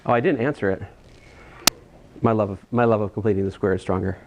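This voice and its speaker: A man's voice: lowish voice, fast, crowd noise. Rambling joking male math lecturer. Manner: casual, rambling, stammers on restarts, jokey asides. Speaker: math instructor. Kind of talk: classroom lecture. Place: college classroom.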